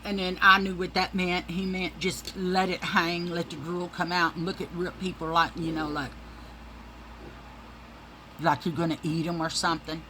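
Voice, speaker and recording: Lady rambling and cussing, lowish voice but bright and tense, little hiss behind. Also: flat delivery, moderate pace, low-quality recording. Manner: rambling, profane, addresses listeners as y'all. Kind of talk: casual storytelling monologue.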